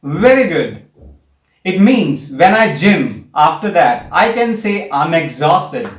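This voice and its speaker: A man's voice: a little high, sing-song, slow pace. A man teaching English, upbeat and explaining each phrase with example sentences in a scripted lesson dialogue. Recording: echoey room.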